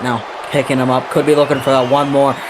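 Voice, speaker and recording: Excited male wrestling play-by-play caller. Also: mid-range voice, noisy background. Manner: calls moves quickly, rising to shouts on near falls. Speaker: play-by-play commentator.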